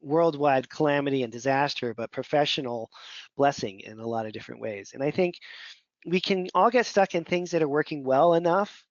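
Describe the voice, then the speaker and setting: A man's voice: on the high side, a little fast, no echo. A man mentoring doctors in a casual, rambling teaching talk full of fillers. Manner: conversational, rambling, many fillers. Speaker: functional medicine mentor. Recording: dull lo-fi audio.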